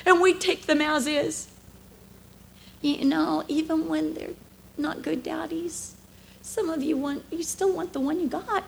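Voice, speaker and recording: A woman in her fifties giving a conversational sermon at church, telling emotional stories with lively swings from hushed to animated. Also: sits high, measured pace, gravelly, slight background noise, poor audio. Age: 50s. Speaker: speaker at a church.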